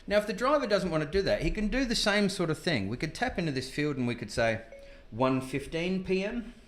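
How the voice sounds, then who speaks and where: A man casually presenting a software tutorial, chatty and informal with frequent asides. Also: on the high side, sing-song, a little fast, soft background music. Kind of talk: casual screen-demo tutorial. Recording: echoey room.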